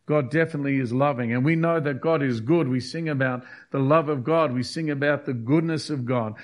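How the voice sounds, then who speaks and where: A man's voice: medium pitch, a little fast. A man preaching a sermon, emphatic and repetitive, hammering key phrases. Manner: emphatic, repeats key phrases, acts out quotes.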